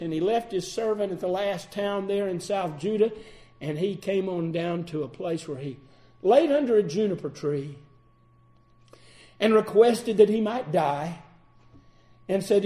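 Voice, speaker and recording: A man preaching a sermon, swinging between loud declarations and hushed passages. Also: high-pitched, normal speed.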